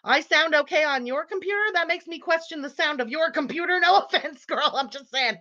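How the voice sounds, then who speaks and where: Speaking into a muffled built-in computer microphone, a Quebec woman reads out super chats while hosting a casual livestream; she teases her viewers, laughs a lot and swears without restraint. She talks fairly quickly in a high-pitched, pushed, bright voice, with no room sound.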